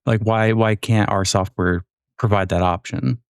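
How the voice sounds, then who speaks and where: A man's voice: fairly low pitch, steady tone, unhurried, gravelly, smooth, no echo, clean studio sound. A man hosting a casual podcast conversation, talking loosely and repeating words as he starts his points. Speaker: podcast host.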